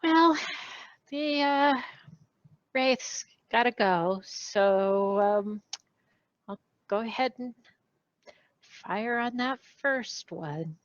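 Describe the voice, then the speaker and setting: A man taking his turn in a live tabletop game, talking hesitantly with many pauses. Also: very high voice, lively intonation, a bit bright, clean tone, no room sound, muffled recording, voice pushed up, heavily acted. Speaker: player. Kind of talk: casual game table talk.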